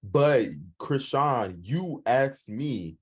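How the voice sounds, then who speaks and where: A man's voice: medium pitch, animated, extremely slow, darkish tone, husky. A man co-hosting a casual reality TV review chat over a video call, blunt and profane, retelling what the cast said. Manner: blunt and profane, retells quotes in the cast's voices. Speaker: co-host.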